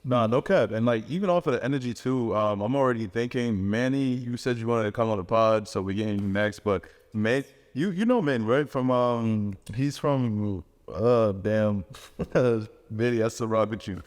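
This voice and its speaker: A man with a lowish voice hosts a casual podcast chat, leaning on filler words as he talks things through. His voice carries a long reverb from the room around him. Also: normal speed. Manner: loose, filler-heavy talk with lots of "like". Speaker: podcast host.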